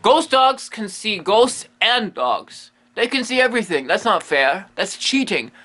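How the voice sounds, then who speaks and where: Lively, goofy man rambling about monsters. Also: high-pitched, unhurried. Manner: rambling, goofy and playful, with silly asides. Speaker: comedic host playing a medium. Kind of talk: comedic monster explainer.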